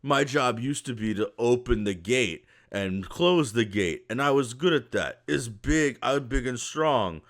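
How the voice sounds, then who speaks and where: Deep Bellow, a man doing a sulky ogre. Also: lively intonation, unhurried, few pauses, fairly bright tone. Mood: grumbling. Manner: simple broken speech, sulky. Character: big slow grumpy male ogre.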